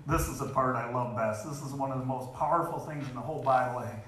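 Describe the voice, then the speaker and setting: A man's voice: medium pitch, steady tone, fast, hardly any pauses, fairly bright tone. A man preaching a sermon in a church in an earnest, emphatic way, reading scripture aloud. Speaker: lay preacher. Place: church sanctuary. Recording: very echoey church hall.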